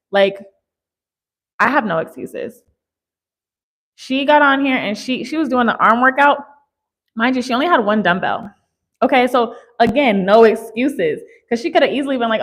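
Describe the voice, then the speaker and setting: A woman's voice: on the high side, expressive, moderate pace, a bit bright, poor audio. Candid woman chatting to viewers. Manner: candid, talks straight to viewers. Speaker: fitness creator. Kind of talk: casual motivational chat to viewers.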